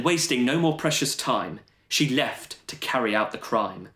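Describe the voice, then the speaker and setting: A man's voice: mid-range voice, expressive, measured pace, few pauses, fairly bright tone. A man telling a rhyming panto-style story with a playful, sing-song delivery. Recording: roomy echo.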